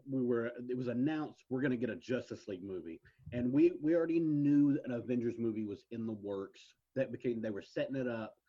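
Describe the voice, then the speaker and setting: A man's voice: mid-range voice, dark tone. A man in casual chat, knowledgeable but hesitant with many fillers, on a dull lo-fi recording. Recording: dull lo-fi sound.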